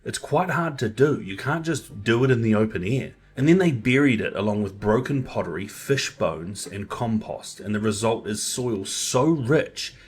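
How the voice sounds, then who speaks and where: A man's voice: on the low side, expressive, moderate pace, hardly any pauses. A man narrating a science explainer in an enthusiastic, punchy way.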